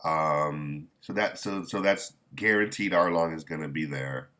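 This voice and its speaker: A man chatting casually as a manga reviewer, rambling and halting, with candid, mildly profane remarks. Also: very deep voice, sharp tone. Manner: rambling, halting with many restarts. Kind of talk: casual chat.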